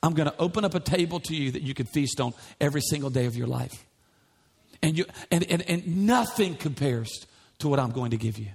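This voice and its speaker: A middle-aged pastor preaching a sermon, reading scripture aloud and building in fervor. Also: male voice, on the high side, animated, fairly quick, gravelly, a little mellow.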